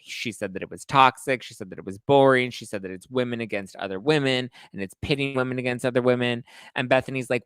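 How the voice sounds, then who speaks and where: A man hosting a live reality TV gossip show, recapping in a casual, animated, slang-heavy way. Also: mid-range voice, fast talker, clean tone, no echo. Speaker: host of a reality TV gossip livestream and podcast. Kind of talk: casual chatty pop-culture recap.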